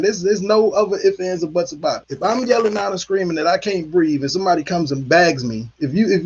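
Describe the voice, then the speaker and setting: Angry guy cursing thru his commentary, raspy voice, kinda muffled recording. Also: high voice, darkish tone. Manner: angry, profane ranting. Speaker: political commentary host. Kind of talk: heated solo commentary.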